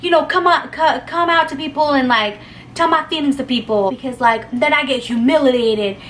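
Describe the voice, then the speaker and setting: A woman's voice: sits high, moderate pace, fairly bright tone, a little hiss or hum. A woman imitating a pushy young man who complains in a whiny, self-pitying voice.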